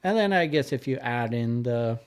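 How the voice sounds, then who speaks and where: A man's voice: mid-range voice, animated, normal speed, clean tone. Man reading podcast notes aloud. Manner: reads notes and lists, hesitant with fillers. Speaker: podcast co-host. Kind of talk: casual chat, reading follow-up notes.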